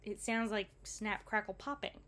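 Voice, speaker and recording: A woman tells a travel story in a chatty, relaxed way. She acts out what others said in animated quotes. Her voice sits at an ordinary pitch for a woman. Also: normal speed, a little hiss or hum. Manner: chatty, animated retelling with quoted dialogue and laughs. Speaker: travel vlogger.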